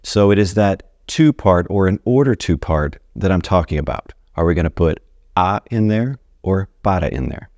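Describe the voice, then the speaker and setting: A man's voice: sits low, lively intonation, moderate pace, a little mellow, dry recording, dull audio. A man teaching a casual video lesson on Spanish grammar, chatty and friendly as he talks straight to his viewers. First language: English.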